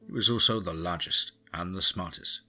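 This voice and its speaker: A man voicing a grim male guide who tracks wolf-like beasts, speaking in a grave, measured way. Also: sits low, bright, forceful tone, heavily acted.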